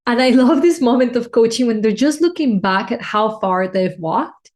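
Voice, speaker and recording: A woman's voice: a little high, expressive, normal speed, darkish tone. A woman life coach talking about personal needs and connection in a solo podcast, heartfelt and emotional, often restarting phrases. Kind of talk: reflective solo podcast talk.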